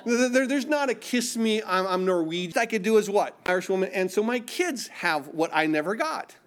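Middle-aged guy preaching, high voice, keeps asking the crowd questions. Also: lively intonation, a little fast. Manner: call-and-response questions, emphatic. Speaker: pastor. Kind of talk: sermon.

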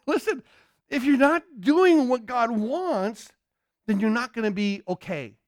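High-voiced emphatic preacher man. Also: lively intonation, slow pace, no echo, studio quality. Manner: emphatic call-and-response questioning, repeats himself. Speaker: pastor. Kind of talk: sermon.

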